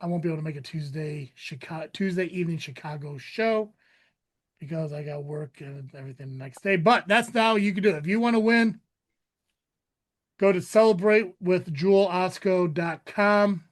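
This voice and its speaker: Man, high voice, slight lisp, loose podcast co-host, cusses freely. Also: normal speed. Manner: rambling, swearing, laughing often. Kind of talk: casual podcast chat.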